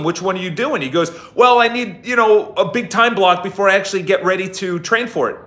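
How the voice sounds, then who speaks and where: Man, blunt motivational vlogger with a high voice, recorded in an echoey empty office. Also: a bit bright. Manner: blunt, swears freely, repeats phrases for emphasis. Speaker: real estate agency founder. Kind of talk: casual motivational vlog. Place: empty office near a busy city square.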